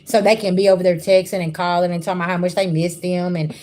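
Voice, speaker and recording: A woman's voice: fairly low pitch, little pitch movement, quick pace, darkish tone. A woman doing a livestream spiritual reading, talking bluntly and casually to her viewers. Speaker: spiritual reader. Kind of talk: livestream tarot-style reading.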